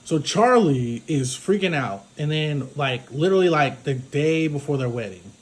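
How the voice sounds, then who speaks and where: This man's voice is a little high and animated, moving at a normal speed. Acting as a reviewer, he retells a film casually and rambles, packing his recap with fillers, especially "like."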